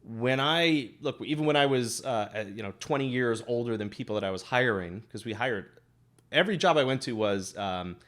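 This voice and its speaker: A middle-aged man, a guest entrepreneur, answering interview questions in a casual, animated, advice-giving way with frequent restarts. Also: mid-range voice, moderate pace.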